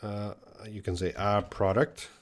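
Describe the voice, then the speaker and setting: Speaking a little slowly, with little pitch movement in his slightly low voice, a man teaches English live. He reads each viewer question aloud and answers it plainly while thinking aloud, hedging with fillers.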